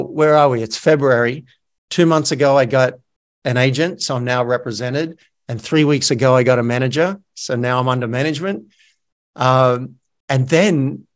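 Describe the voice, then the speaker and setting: Energetic man telling a story. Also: mid-range voice. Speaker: guest, business coach turned actor. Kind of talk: casual storytelling interview.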